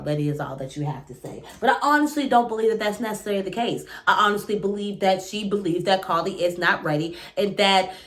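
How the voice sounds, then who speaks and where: A woman recaps a reality show with lively, casual reactions, talking quickly and packing her speech with fillers and side comments. Her voice sits at a medium pitch.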